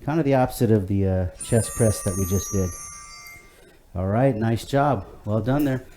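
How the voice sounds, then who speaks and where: A man leads a guided home workout class, chatting in an easygoing way with lots of fillers and restarts. His voice is fairly low and dark in tone, at a moderate pace, with slight background noise.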